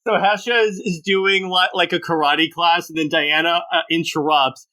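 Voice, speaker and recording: A co-host of a comic book podcast, chatting quickly and laughing while retelling funny moments. The voice is bright and forward, with a middling pitch. Words come out in quick bursts with small restarts. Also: steady tone. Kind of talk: casual comic book chat.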